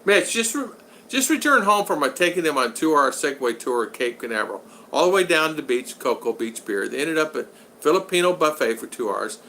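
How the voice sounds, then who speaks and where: A man's voice: fairly high pitch, expressive, a little fast, sharp tone, a little hiss or hum. A man hosting a casual live stream, chatting, reading comments aloud and greeting viewers by name. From United States. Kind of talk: casual live-chat talk.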